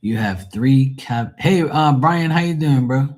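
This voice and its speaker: A man's voice: medium pitch, animated, unhurried, darkish tone. A man hosting a live tarot stream, chatting casually in a rambling, profane, joking way.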